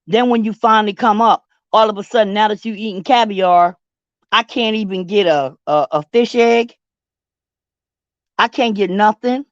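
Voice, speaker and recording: A woman hosting a casual live-stream chat, sassy and drawn-out, talking back to her chat. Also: medium pitch, dry recording, highs cut off. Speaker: host.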